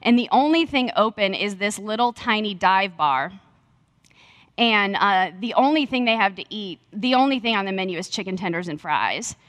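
A young woman preaching, telling a faith story with earnest, animated energy and acting out her own quotes. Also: mid-range voice, normal speed, no echo. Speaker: speaker sharing testimony. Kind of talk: sermon-style storytelling.

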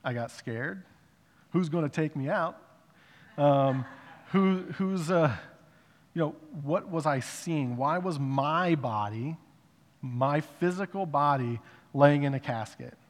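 A man giving a personal testimony in a conversational way, rising to emphatic bursts and dropping to hushed reflection. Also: on the high side, takes it slowly. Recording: long reverb of a large hall.

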